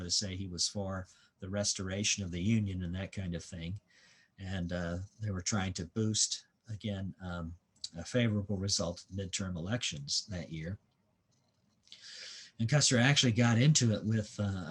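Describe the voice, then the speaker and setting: A man giving a museum history lecture as a guest historian and author. He tells the story at an unhurried pace and fills his pauses with frequent "uh"s. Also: lowish voice, husky.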